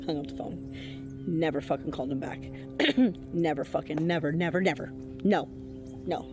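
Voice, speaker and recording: A woman's voice: low-pitched, moderate pace, over music. Blunt, swearing woman telling a story. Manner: blunt, profane, laughs often; rambling with many fillers and restarts. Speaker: intuitive reader. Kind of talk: casual storytime vlog.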